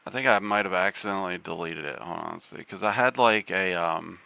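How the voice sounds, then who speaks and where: A man's voice: low-pitched, fairly quick, gravelly, bright, forceful tone, clean tone, no room sound. A man hosting a live game stream, chatting casually in a rambling way with lots of fillers and restarts.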